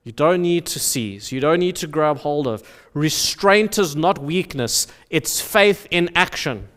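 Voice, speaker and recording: Pastor guy preaching slow and earnest, kinda high voice, church hall. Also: animated, a bit bright. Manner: earnest preaching, slow with emphatic rises and drops. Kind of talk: sermon. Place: church sanctuary. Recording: long reverb of a church hall.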